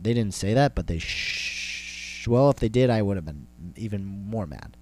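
A man's voice: on the low side, animated, moderate pace, hardly any pauses, darkish tone. A young adult man hosting a podcast, delivering a profane, exasperated comedic rant full of repetition. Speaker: podcast host. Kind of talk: comedic ranting monologue.

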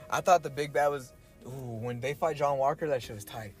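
A man's voice: fairly high pitch, a little fast, soft background music. A young man co-hosting a casual podcast, talking loosely, swearing often and acting out characters' lines. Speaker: podcast co-host. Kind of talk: casual chat.

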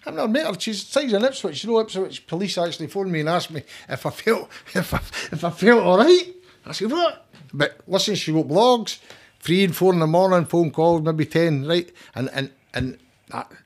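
A middle-aged Scottish man speaks as a guest in a casual interview chat, heated, emphatic and sweary, often restarting his sentences. His voice is high and very animated, at a normal speed.

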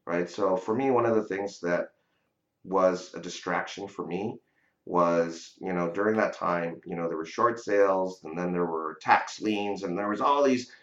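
Telling a story during a casual interview, a man who is a real estate investor guest keeps his low-pitched voice at a measured pace with a fairly bright tone. He chats conversationally, frequently adding "you know" and "right?", on dull, lo-fi audio from a roomy room.

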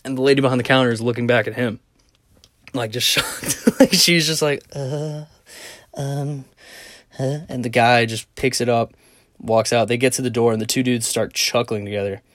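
A young man hosting a casual solo podcast, telling a story in a rambling, profane, animated way from a small closet. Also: mid-range voice, brisk, dry recording, clean studio sound. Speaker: podcast host.

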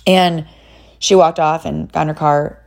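Chatty low-voiced mom telling stories. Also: female voice, unhurried, vocal fry. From California. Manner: chatty, frequent "like" fillers, animated retelling with quoted voices. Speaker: mother sharing personal stories. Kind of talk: casual storytelling monologue.

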